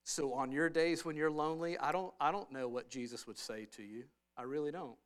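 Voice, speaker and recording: A male pastor delivers a sermon in a church sanctuary. His voice sits high and smooth. He keeps it conversational, dropping low and hushed and then building to loud, emphatic bursts. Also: a little fast.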